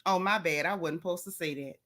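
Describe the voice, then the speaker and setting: A woman's voice: fairly low pitch, brisk, sharp tone. A woman hosting a gossip vlog in casual commentary, sassy and scolding, firing off rhetorical questions.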